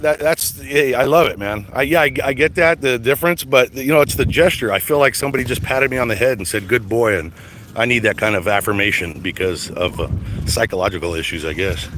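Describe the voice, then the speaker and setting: Rambling middle-aged man, noisy background. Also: mid-range voice. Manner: rambling, stammering restarts, casual swearing. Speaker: livestream host reading chat. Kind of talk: casual chat. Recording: steady background noise.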